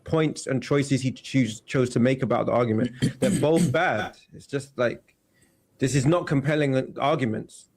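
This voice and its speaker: A man with a gravelly voice talks casually on a livestream. He halts and restarts mid-thought as he lays out his point. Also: medium pitch, normal speed, darkish tone. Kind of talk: casual stream chat.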